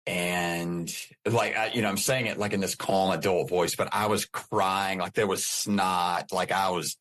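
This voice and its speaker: A man's voice: deep voice, fairly even intonation, moderate pace, fairly bright tone, slight background noise. A middle-aged man, a podcast guest, telling his personal story in an earnest way, often repeating and restarting his phrases.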